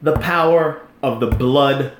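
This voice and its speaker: A man's voice: mid-range voice, slow, echoey room, a little hiss or hum. A man telling a faith story in casual talk, blunt and emphatic, acting out the quotes. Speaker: podcast guest telling a testimony.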